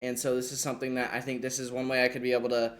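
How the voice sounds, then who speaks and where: A man's voice: medium pitch, monotone, racing. A young man, a first-year special education teacher, casually walking through a lesson plan with many fillers and restarts.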